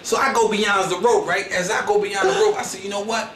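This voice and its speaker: With a high voice, fairly even intonation and a slightly fast pace, this Philadelphia comedian rambles boastfully through a comedic story, peppering it with slang and "you know what I'm saying." A crowd is audible behind him, and the recording sounds echoey and distant with faint noise.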